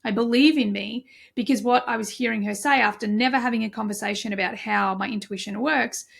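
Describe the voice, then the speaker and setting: A woman's voice: a little high, steady tone, brisk, vocal fry, a bit bright. A middle-aged woman hosting a solo podcast, talking earnestly and reflectively with frequent restarts. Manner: earnest, reflective, with many restarts and self-talk asides. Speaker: podcast host.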